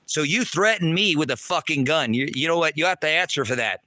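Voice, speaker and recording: A man on a livestream, ranting angrily at his chat, swearing and preaching, loud one moment and lecturing low the next. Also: expressive, brisk, dry recording. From United States. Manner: angry, profane and preachy, swings between shouting and low lecturing. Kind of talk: heated livestream rant to chat.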